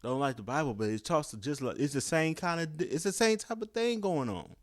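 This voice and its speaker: A man's voice: on the high side, lively intonation, fairly quick, dry recording. Passionate preachy man, dry sound. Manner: passionate, preachy, keeps asking "guess what?". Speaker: commentary vlogger. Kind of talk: opinion commentary to camera.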